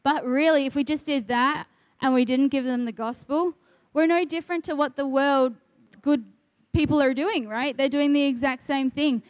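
A woman's voice: high voice, normal speed, few pauses, no echo. A middle-aged woman, a ministry worker, telling a faith testimony in earnest conversation and quoting the people she talks about. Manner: earnest storytelling, quotes others.

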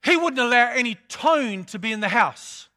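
An older man from England delivering a sermon in a strikingly high voice with a bright, ringing tone. He builds his points by repeating key phrases and drifts easily into personal stories. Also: expressive, moderate pace. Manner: storytelling, repeats phrases for emphasis. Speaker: preacher.

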